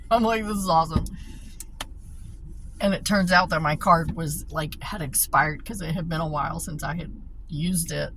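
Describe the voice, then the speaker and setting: Woman vlogger, foul-mouthed and blunt, lively delivery, recorded driving with road noise. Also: low voice, a little slow, pauses often. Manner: blunt, profane, laughs often. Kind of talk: casual storytelling vlog. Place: inside a car while driving. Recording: steady car noise behind. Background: road and engine noise.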